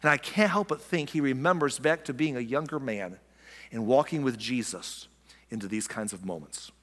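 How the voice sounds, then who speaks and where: A man's voice: medium pitch, normal speed, a bit bright, long reverb tail. A man preaching a sermon in a conversational way, asking his listeners questions and acting out quotes. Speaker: pastor.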